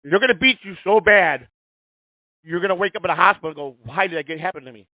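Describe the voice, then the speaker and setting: A man's voice: high-pitched, fast talker, dry recording. A man in his fifties hosting a live call-in radio show, ranting in a profane, heated, confrontational way. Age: 50s. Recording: tinny phone-like, dry sound.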